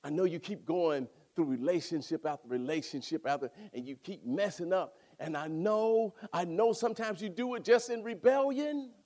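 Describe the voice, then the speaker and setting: A man preaching a sermon, swinging from loud exclaiming to hushed near-whispers. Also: high voice, animated, normal speed, hardly any pauses.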